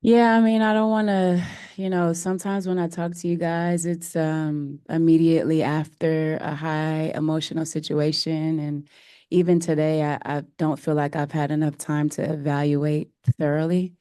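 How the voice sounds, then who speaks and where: A woman coach speaks at a press conference with a low, mellow voice that stays fairly flat in pitch. She is earnest and emotional and often stops on fillers. The sound is dry. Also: moderate pace, clear, resonant tone, no room sound. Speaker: head coach. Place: press room.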